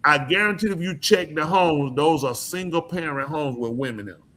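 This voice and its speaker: A man's voice: fairly high pitch, moderate pace, sharp tone. A man hosting a podcast, talking in a casual, emphatic and preachy way, often asking his listeners questions. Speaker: podcast host. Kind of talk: casual opinion talk.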